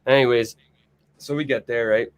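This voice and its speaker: A man's voice: medium pitch, moderate pace, clear, resonant tone. Young rambling, swearing male guest. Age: young adult. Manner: profane, excited, rambling. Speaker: guest musician. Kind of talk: casual chat, storytelling. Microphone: video or remote mic, quiet at first.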